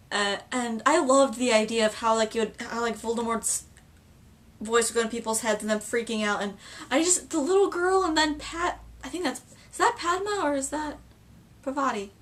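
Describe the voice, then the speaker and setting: A woman chatting casually in a film reaction video, excitable and gushing, with many restarts and filler words. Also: fairly high pitch, moderate pace, far from the mic.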